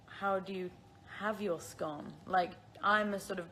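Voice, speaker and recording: On a casual phone livestream, this twentysomething from the Isle of Man answers questions from viewers and laughs at herself a lot. Her British-accented voice sits at medium pitch with fairly even intonation and a measured pace, a bit bright, against slight background noise.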